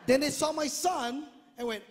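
A middle-aged man from Hawaii, speaking English with a Hawaiian Pidgin accent, doing an animated stand-up comedy routine full of shouted punchlines and acted-out voices. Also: very high-pitched, normal speed. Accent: Hawaiian Pidgin-tinged English. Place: large theater stage. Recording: live theater with echo, crowd laughter and noise. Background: audience laughing.

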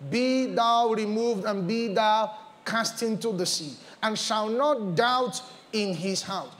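A pastor with a Nigerian English accent, preaching a sermon with lively storytelling and repetitions. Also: male voice, sits high, slow. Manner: animated storytelling with repetitions, mixing in pidgin. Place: church.

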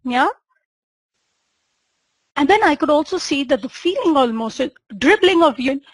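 A woman's voice: sits high, animated, moderate pace, no room sound, rough recording. A woman with an Indian English accent, teaching homeopathy and retelling a patient's case, often checking in with her listeners. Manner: retells the patient's words in first person, with frequent "yeah?" checks. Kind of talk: lecture presenting a case.

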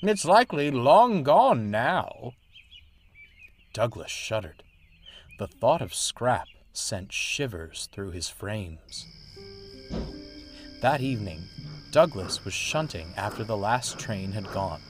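A man narrating a read-aloud story in a measured, expressive way. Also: fairly low pitch, background noise. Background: music.

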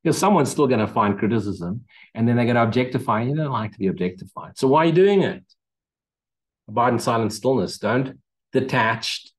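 A man's voice: medium pitch, animated, fast talker, rough recording. Emphatic male spiritual teacher. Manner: emphatic, repetitive, mocking asides. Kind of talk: spiritual talk.

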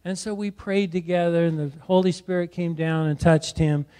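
A man's voice: on the high side, steady tone, normal speed, mellow, clear, resonant tone. A middle-aged man, a pastor preaching a sermon in church, exhorting and often adding "right?". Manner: exhorting, repeats words and adds "right?". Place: church sanctuary.

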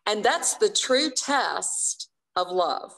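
A woman guest author telling a personal faith story in an interview, earnest and quick to laugh. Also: medium pitch, lively intonation, gravelly, a bit bright, poor audio.

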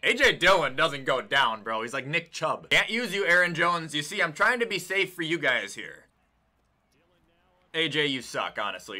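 A young man giving casual, excitable commentary over a football video game, swearing and yelling at the plays as he goes. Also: on the high side, normal speed. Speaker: gaming YouTuber.

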